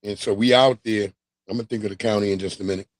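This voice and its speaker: A man telling a long, profane childhood story on his livestream in a streetwise, animated way. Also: fairly low pitch, fast, no echo, studio quality. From New York. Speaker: livestream host. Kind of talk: casual storytelling.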